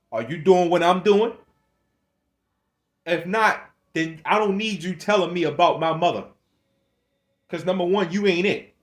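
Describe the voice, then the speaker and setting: A man delivering a rambling religious rant to camera, scolding his viewers, swearing and restarting his phrases. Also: a little high. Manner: scolding, swears, laughs between points. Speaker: religious video maker.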